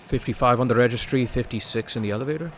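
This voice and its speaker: A man playing a polite businessman character in a tabletop game, measured and formal, laughing often. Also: medium pitch, slight background noise. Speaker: player.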